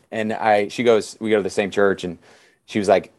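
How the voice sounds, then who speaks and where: A man's voice: on the low side, fairly quick. A man, a pastor and author, talking earnestly as a guest in a conversational interview and telling stories with animation.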